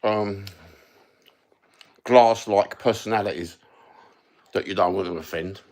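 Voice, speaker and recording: A man's voice: lowish voice, slow pace, darkish tone. A man with a Cockney accent hosting a livestream, chatting casually and rambling between topics with plenty of swearing. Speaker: livestream host.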